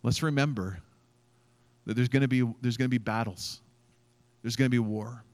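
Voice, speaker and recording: A male pastor preaches from a church stage, telling a story with lots of energy. His pitch sits in the middle range for a man, and he acts out the quotes while filling his sentences with casual fillers. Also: fairly even intonation, moderate pace. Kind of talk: sermon storytelling.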